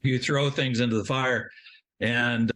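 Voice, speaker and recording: Here a middle-aged man, a guest in a podcast interview, talks a little slowly in a steady, medium-pitched, fairly bright voice. His long personal story rambles, with restarted sentences and laughter at his own expense.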